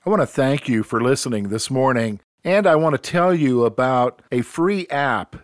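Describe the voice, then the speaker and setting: Male host, medium pitch, dry close recording, friendly promo. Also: animated, moderate pace, no room sound. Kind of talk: scripted promo.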